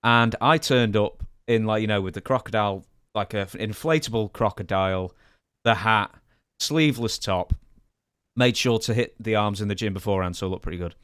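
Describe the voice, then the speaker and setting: A man's voice: fairly low pitch, brisk, fairly bright tone, clean tone, no echo, studio quality. A man from England with an English accent, co-hosting a casual chat and reading listener questions in a self-deprecating way. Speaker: podcast co-host.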